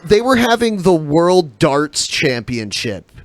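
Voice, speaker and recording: A man's voice: fairly high pitch, big pitch swings, takes it slowly, dry recording. A man co-hosting a podcast, chatting in a laid-back, matter-of-fact way. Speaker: podcast co-host. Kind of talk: casual banter.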